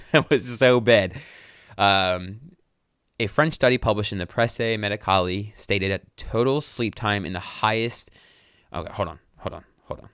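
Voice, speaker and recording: Casual low-voiced man podcasting solo. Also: a bit bright, clear, resonant tone, no room sound, studio quality. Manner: rambling, self-correcting, swears casually. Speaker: podcast host.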